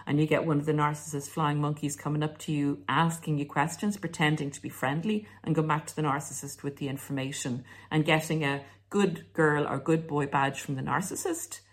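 Woman host chatting advice, low husky voice, bit sarcastic. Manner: sarcastic, acts out mocking quoted voices. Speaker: self-help video host. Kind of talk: casual advice monologue.

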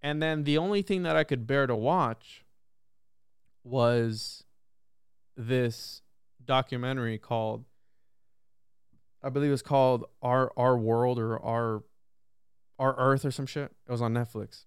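Dude on a podcast going off on a story, swears a lot, says bro every other line, smooth voice, dry close sound. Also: male voice, medium pitch, measured pace, pauses often, no echo. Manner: animated, profane storytelling full of "bro" and "like". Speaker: podcast guest or host. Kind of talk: casual podcast conversation.

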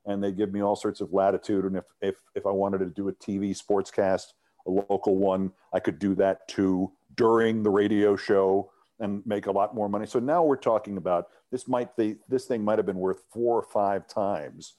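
A former sports TV host, now a middle-aged guest in an interview, recounts a story in a fairly low, mellow voice at normal speed. He tells it with animation, frequently stumbling and starting his sentences over.

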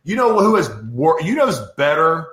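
A man's voice: on the high side, sing-song, normal speed, fairly bright tone, echoey room. A man hosting a podcast in a casual live-stream chat, exasperated and ranting over technical trouble. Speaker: podcast host.

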